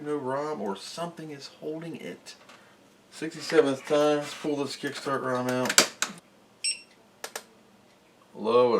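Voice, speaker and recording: Male host, mid pitch, rambling workbench chatter, self-deprecating, faint hiss behind. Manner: rambling, self-mocking, mutters while working. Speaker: electronics repair host. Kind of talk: casual workbench narration.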